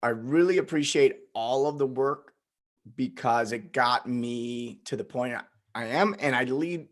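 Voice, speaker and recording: A man at a middle pitch hosts a podcast conversation. He thinks aloud in a reflective, easygoing way and often pauses with fillers. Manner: reflective, with frequent fillers and laughs. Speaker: podcast host.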